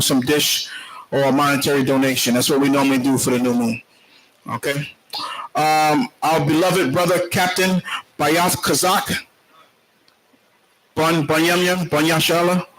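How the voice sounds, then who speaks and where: A man's voice: fairly high pitch, fairly bright tone, a little hiss or hum, low-quality recording. A man leading a congregation class, casually calling on members one by one in a jovial, teasing way and often saying hallelujah. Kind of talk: casual roll call with a congregation. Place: indoor congregation meeting room. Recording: congregation chatter in the room. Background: congregation voices.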